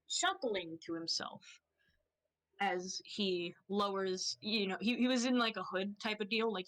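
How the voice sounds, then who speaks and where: A woman's voice: a little high, poor audio. A woman narrating as game master of a tabletop game, casual and rambling, often laughing. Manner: casual, giggly, loose and rambling.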